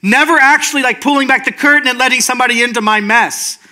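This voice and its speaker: A pastor speaks fast in a very high, sharp-toned voice during a conversational sermon. Earnest and informal, he repeatedly checks in with his audience using "right?"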